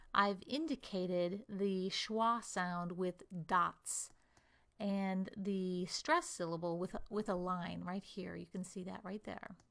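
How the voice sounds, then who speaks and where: A woman's voice: mid-range voice, fairly bright tone. American woman teaching pronunciation. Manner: slow, deliberate, exaggerating syllables for demonstration. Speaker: accent coach. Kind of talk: pronunciation lesson.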